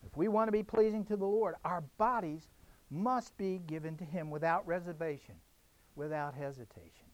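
A man's voice: fairly high pitch, normal speed, no echo, muffled recording. Emphatic preaching man, dry sound. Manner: emphatic preaching with repeated phrases. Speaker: pastor. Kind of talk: sermon.

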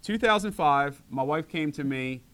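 A middle-aged man delivers a sermon from the pulpit. He speaks in a fairly high voice and stays animated, acting out what people say as he tells stories to his congregation. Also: a little slow. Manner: animated, acts out voices in quotes. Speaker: pastor.

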